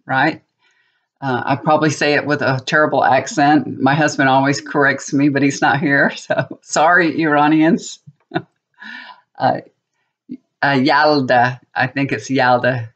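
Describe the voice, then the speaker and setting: A middle-aged woman and tarot reader chatting casually to viewers, rambling and laughing often. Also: sits low. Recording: slightly dull lo-fi audio.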